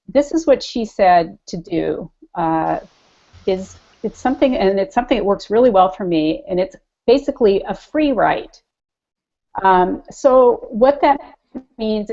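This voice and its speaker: A woman writer on a panel, explaining her method in a thoughtful, measured way. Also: mid-range voice, darkish tone, muffled recording. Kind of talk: casual panel talk.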